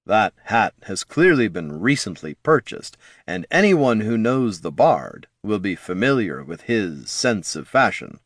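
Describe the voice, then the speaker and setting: A man voicing a measured, clever male adventurer who speaks in a calm, analytical way, close to his own voice. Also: lowish voice, no room sound, exaggerated voice.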